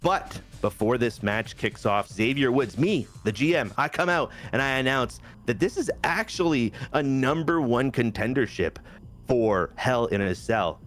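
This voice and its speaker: A man who is getting over a cold, casually narrating wrestling matches from a video game storyline in a lively play-by-play. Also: medium pitch, a little slow, faint music behind. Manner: lively play-by-play recap with asides. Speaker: game player and general manager.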